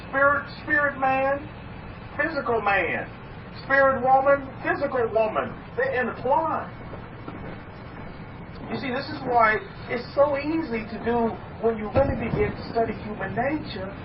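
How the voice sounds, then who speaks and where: A man preaching as a rabbi, emphatic and repetitive, with dramatic swings in pitch. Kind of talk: preaching sermon. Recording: echoey, distant, dull lo-fi with faint hiss.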